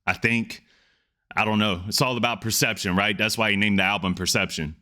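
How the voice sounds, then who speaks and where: A man with a fairly low, pushed and bright voice speaks a little fast with fairly even intonation. Hosting a music reaction video, he gives casual commentary in an earnest, reflective way and often restarts his sentences.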